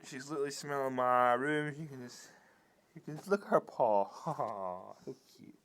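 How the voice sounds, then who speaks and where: A man's voice: mid-range voice, normal speed, a bit bright. A young man, chatting in a casual vlog, rambling with many restarts and scolding and cooing at his dog. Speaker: vlogger.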